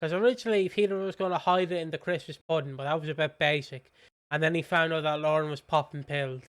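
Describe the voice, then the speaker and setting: A man's voice: on the high side, fast, fairly bright tone. A man with a British accent co-hosting a podcast, recapping soap episodes in rambling, casual chat. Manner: rambling, with many fillers. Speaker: podcast co-host.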